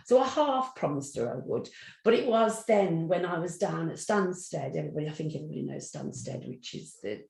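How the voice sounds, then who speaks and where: A middle-aged woman from the English Midlands, a psychic medium appearing as an interview guest, tells stories and acts out the voices in her anecdotes. Her voice is deep and a little mellow, with vocal fry. The recording has a roomy echo.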